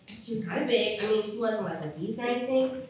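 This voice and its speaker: A woman's voice: on the high side, lively intonation, quick pace, slight background noise, lightly acted. An actress on stage playing a chatty teenage girl who rambles with constant "like" and quotes other people. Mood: gossipy. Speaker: actor in a staged reading. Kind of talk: stage monologue, teen girl gossip. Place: theatre stage. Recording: echoey hall, voice from far off.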